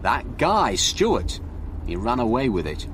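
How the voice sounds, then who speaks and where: A man voicing an excitable, angry man who shouts his claims, in a reader story. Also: mid-range voice, measured pace, slight background noise. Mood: agitated.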